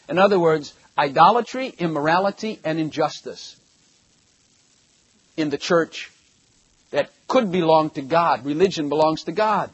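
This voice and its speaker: Older male preacher, husky and fairly high, rambling and emphatic Bible teaching, dry close sound. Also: measured pace, pauses often, no room sound, lo-fi sound. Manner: rambling, emphatic, rises to loud bursts when excited. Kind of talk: conversational sermon, reading scripture.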